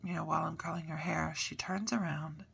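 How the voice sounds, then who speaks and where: A woman's voice: low voice, steady tone, fairly quick, gravelly, fairly bright tone, husky. A woman in her thirties, a mother telling a personal story in a chatty, earnest vlog, with many fillers. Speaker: mother documenting a diet change.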